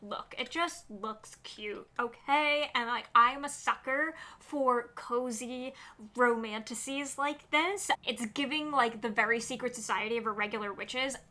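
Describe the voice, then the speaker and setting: A woman's voice: fairly high pitch, fairly even intonation, moderate pace, pushed and bright. A woman vlogging about upcoming books in a casual, gushing, upbeat way, with lots of "like" in her speech. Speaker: book vlogger. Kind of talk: casual chatty book rundown.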